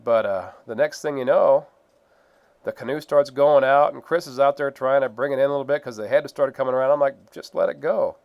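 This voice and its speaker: Man, casual storyteller, rambling, laughing, dry close sound, mid pitch. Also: a little fast, a little mellow, clear, resonant tone, no echo, muffled recording. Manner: rambling, laughing, many fillers. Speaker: gold prospector narrating his photos.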